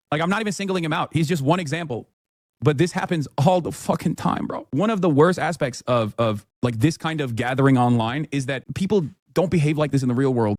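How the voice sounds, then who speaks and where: A man's voice: on the high side, dry recording, studio quality. A man livestreaming, ranting heatedly at his chat and swearing constantly.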